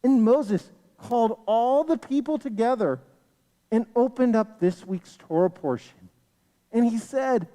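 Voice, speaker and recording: An animated storyteller tells a children's tale in a sing-song way. The voice is mellow and swoops widely in pitch. It rings out with the long reverb of a large sanctuary. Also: unhurried. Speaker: storyteller at a congregation livestream. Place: synagogue sanctuary.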